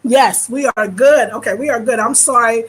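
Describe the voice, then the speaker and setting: Woman, high voice, emphatic preachy vlogger, echoey indoor room. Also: moderate pace. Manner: emphatic, preachy, addresses viewers as y'all. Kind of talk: casual testimony to viewers.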